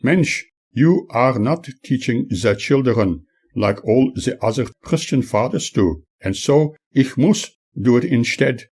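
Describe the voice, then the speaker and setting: A man's voice: medium pitch, expressive, slow, hardly any pauses, a little mellow, breathy edge, voice pushed up, heavily acted. A man voicing his stern, religious wife in a German accent, raising her voice to scold. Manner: raised, scolding voice.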